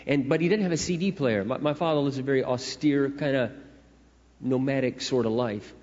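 A man's voice: mid-range voice, brisk, darkish tone. A middle-aged man preaching a sermon in a conversational, storytelling way. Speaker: pastor. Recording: echoey hall, dull lo-fi sound.

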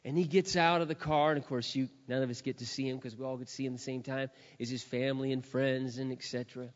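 A man preaching a sermon in a lively storytelling style, retelling a scene with dramatic acted quotes. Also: medium pitch, quick pace. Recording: dull lo-fi with long hall reverb.

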